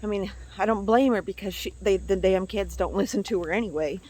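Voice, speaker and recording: A woman's voice: medium pitch, a little fast, a little mellow. A woman venting on her own vlog, angry and hurt, swearing and going back over the same points. She records on a phone outdoors near her house, with insects chirping in the background. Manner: upset, angry, swearing, repeating herself. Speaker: vlogger. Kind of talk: emotional personal vlog.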